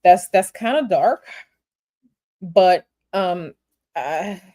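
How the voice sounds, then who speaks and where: A woman reading tarot on a livestream, answering viewer questions in a blunt, animated, repetitive way. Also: lowish voice, very slow. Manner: blunt, animated, repeats herself. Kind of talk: casual livestream chat.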